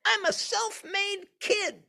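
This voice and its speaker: A man voicing a conceited little toddler who brags in a squeaky voice. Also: takes it slowly, gravelly, pushed and bright, heavily acted. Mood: boastful. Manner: squeaky, bragging.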